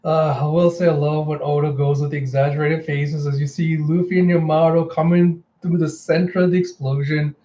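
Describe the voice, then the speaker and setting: A man recapping a manga chapter for his channel, animated, jumping into character voices as he reads the lines out. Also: fairly high pitch, a little fast, hardly any pauses, muffled recording. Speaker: manga reaction host. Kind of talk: casual manga reaction, acting out lines.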